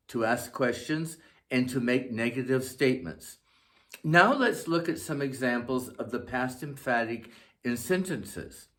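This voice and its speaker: A man teaching a scripted grammar lesson, speaking slowly and enunciating each word with care. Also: mid-range voice. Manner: slow, deliberate, carefully enunciated. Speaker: language teacher.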